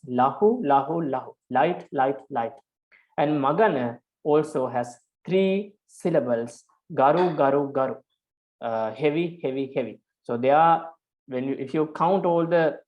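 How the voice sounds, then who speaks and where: A man, an English speaker, teaching a class, talking haltingly with many fillers, repeats and "right?" checks. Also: medium pitch, mellow. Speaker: teacher of Pali prosody. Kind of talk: live online class lecture.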